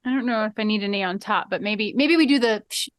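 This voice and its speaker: A woman's voice: mid-range voice, quick pace, dry recording, clean studio sound. A woman co-hosting a podcast in casual chat, giggly and chatty, with lots of "like". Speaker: podcast co-host.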